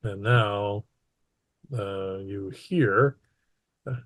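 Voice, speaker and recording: A man narrating a tabletop game as game master, halting with frequent fillers between phrases. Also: fairly low pitch.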